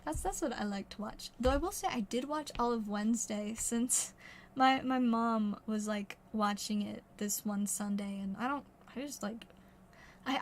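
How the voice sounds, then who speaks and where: A young adult woman livestreaming card pack openings, rambling chattily and often correcting herself. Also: on the high side. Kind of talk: casual chat.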